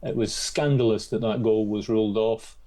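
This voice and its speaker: Dark-voiced Scottish man, chatty storyteller. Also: lowish voice, steady tone, normal speed. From Scotland. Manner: chatty, anecdotal, opinionated. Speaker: sports journalist. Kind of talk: radio interview guest.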